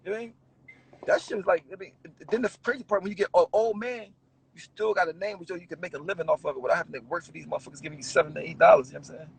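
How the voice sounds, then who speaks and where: A man with a high-sitting voice, vocal fry, and a breathy edge talks very fast. He's a rapper sharing stories in an easygoing interview, animated, cursing, and laughing throughout, though the audio quality is poor.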